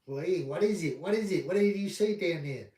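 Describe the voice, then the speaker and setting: Shrill, squawking indignant woman played by a man, roomy and distant. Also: fairly quick, mellow, close to an everyday voice. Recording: roomy room, distant mic.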